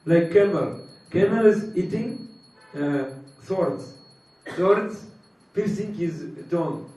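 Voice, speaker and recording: A man's voice: high voice, lively intonation, dark tone. Man preaching in an echoey hall. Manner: halting, many pauses and fillers, laughs at own jokes. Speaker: spiritual teacher. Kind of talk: sermon with storytelling. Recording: distant, echoey, muffled room recording.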